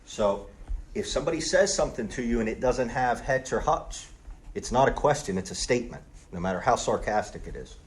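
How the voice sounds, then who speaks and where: A man teaching a language class in a relaxed way, often checking in with the students by asking "okay?". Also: medium pitch, a little fast, a little hiss or hum. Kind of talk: classroom lesson. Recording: roomy, distant audio with faint background ambience.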